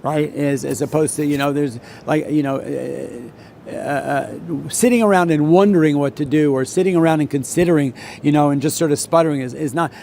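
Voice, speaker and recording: A man's voice: fairly high pitch, brisk, vocal fry, dark tone, slight background noise. An older man telling trading stories in a rambling way, full of restarts and repeats. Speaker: veteran floor trader. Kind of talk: solo talk with anecdote.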